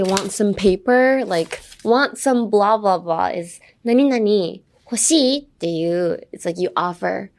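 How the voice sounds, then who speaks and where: Young woman host, casual lesson podcast, playful and chatty, lots of "like" and "um", slips into Japanese now and then. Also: on the low side. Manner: chatty, playful, full of fillers like "like" and "um"; switches between English and Japanese. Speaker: English teacher host.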